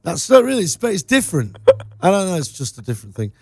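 A man's voice: high-pitched, fast, slightly rough, no room sound. A man co-hosting a radio show, chatting playfully and trying out accents. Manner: playful, lively, tries out accents. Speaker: radio co-host. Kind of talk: casual chat.

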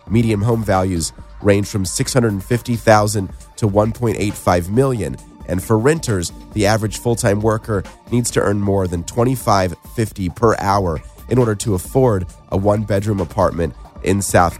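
A man with a lowish voice co-hosts a local morning radio show. He reads the local news and chats in a relaxed, easygoing way, with a faint music bed under the talk. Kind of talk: casual local radio chat.

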